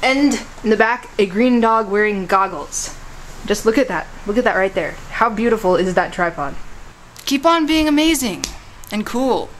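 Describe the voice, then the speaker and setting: A woman's voice: medium pitch, expressive, normal speed, a little hiss or hum, poor audio. A woman vlogging casually, telling a mock history tale in a playful, teasing way with big dramatic swoops.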